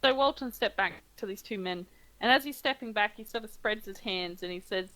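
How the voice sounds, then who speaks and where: A woman game master, softly hesitant with many pauses, narrating and wrapping up a stream session. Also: mid-range voice, low-quality recording. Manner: soft-spoken, hesitant, many ums. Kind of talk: casual tabletop narration and stream chat.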